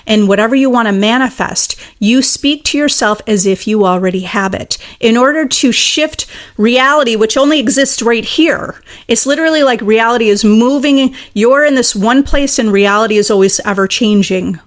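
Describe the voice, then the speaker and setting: A woman coaching on manifesting in a relaxed, conversational talk. Her voice sits a little high. She presses her points earnestly, circling back to repeat them until they land. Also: moderate pace. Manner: earnest, emphatic, repeats key phrases. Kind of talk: casual teaching monologue.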